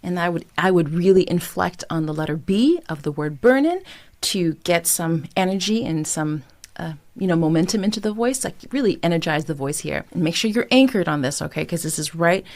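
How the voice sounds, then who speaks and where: A woman's voice: lowish voice, expressive, brisk, a little mellow. A woman vocal coach teaching a singing lesson, explaining technique and breaking into short sung examples with an encouraging manner. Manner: encouraging, demonstrates phrases by singing them.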